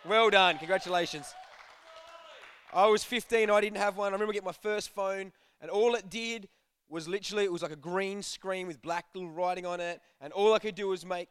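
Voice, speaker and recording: A man's voice: high-pitched, normal speed, a bit bright, clear, resonant tone, dry recording, studio quality. A young man giving a casual, joking sermon to a youth group, telling stories and acting out bits of dialogue. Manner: chatty, jokey, acts out dialogue. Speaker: youth preacher.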